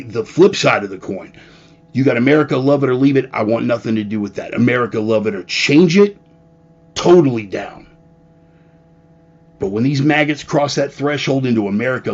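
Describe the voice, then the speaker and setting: A man's voice: mid-range voice, breathy edge, muffled recording. A man hosting a podcast, delivering an opinionated monologue with profane, emphatic ranting and mocking asides. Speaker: podcast host.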